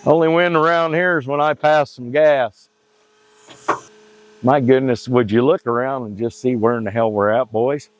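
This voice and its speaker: A man's voice: medium pitch, fairly even intonation, normal speed, slight background noise, low-quality recording. A middle-aged man talking casually outdoors in the woods, folksy and joking, rambling between stories about his hunting club. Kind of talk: casual outdoor vlog talk.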